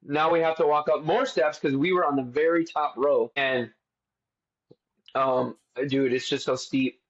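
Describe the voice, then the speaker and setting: A young man co-hosting a podcast, telling stories in a casual, animated way and swearing freely. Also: on the high side, unhurried. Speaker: podcast co-host. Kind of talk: casual chat. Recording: dull lo-fi sound.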